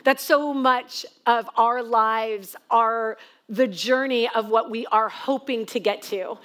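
Lady pastor telling a funny family story in a sermon, kinda high voice. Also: a bit bright. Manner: storytelling, chatty and self-mocking. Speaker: guest pastor.

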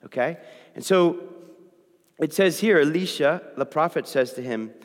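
Speaking a little slowly in a voice on the high side, a man delivers a sermon that includes Bible reading. His manner is conversational, and he keeps checking in with "okay?" while a long hall reverb echoes around him.

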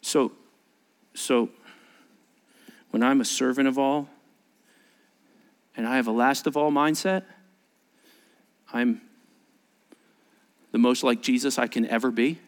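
A man's voice: medium pitch, slow, long pauses. A man preaching a sermon as a pastor, talking conversationally, asking rhetorical questions and acting out quoted speech. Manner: acts out quoted speech in varied voices.

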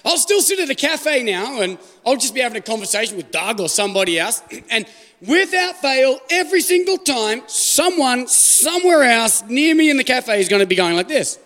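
A man's voice: very high-pitched, big pitch swings, normal speed, a bit bright. A man with an Australian accent preaching a sermon to a live congregation as pastor, joking and putting questions to the room. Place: church hall. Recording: live church hall reverb.

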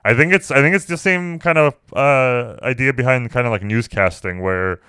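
A man's voice: medium pitch, normal speed, sharp tone, clean tone, dry recording, clean studio sound. A man co-hosting a podcast, chatting casually about a film, rambling with lots of fillers and slipping into funny voices when he quotes people. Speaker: podcast co-host.

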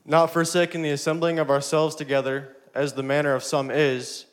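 Man reading scripture in a flat voice. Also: fairly high pitch, brisk. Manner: reads flatly, answers briefly. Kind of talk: reading aloud. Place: church sanctuary.

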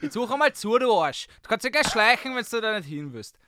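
A man voicing a rude, grumpy male complaints officer with a Viennese accent, loud and scolding. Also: high voice, sing-song, quick pace, dry recording, clean studio sound, exaggerated voice.

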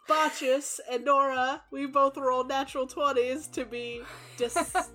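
A woman's voice: high-pitched, fairly even intonation, a bit bright. A young woman casually recapping a tabletop game session, swearing freely, laughing and slipping into quoted voices. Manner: fast, profane, giggly recap with quoted voices. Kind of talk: casual chat.

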